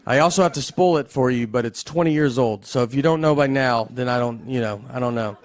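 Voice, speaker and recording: A man performing a stand-up comedy set in a slow, deadpan drawl with wry pauses, recorded live. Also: medium pitch. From American South. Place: live comedy venue with audience laughter.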